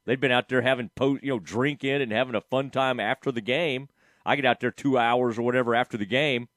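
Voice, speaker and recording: Rambling radio host. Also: male voice, medium pitch, fairly even intonation, fairly quick, fairly bright tone, no room sound, clean studio sound. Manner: rambling, laughs often, addresses his producer. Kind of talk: casual radio talk. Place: radio studio.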